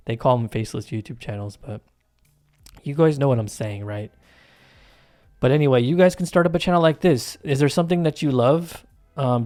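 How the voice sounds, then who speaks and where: A man's voice: mid-range voice, a little mellow. Give me a man in a mid register, talking casually and emphatically as a voice-over host, with plenty of fillers and restarts. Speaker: YouTube channel host. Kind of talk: casual voice-over talk over gameplay. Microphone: home voice-over mic, off camera.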